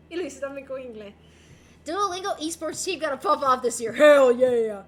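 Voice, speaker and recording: A woman's voice: high-pitched, a bit bright, roomy sound, slight background noise. A young woman streaming live, chatting playfully with her viewers and switching between English and Spanish. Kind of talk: casual live-stream chat.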